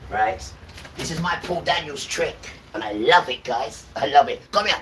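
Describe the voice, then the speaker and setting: A man's voice: a little high, expressive, moderate pace, fairly bright tone, distant mic, slight background noise, poor audio. A man preaching and ranting to viewers on a livestream, often checking in with "right?".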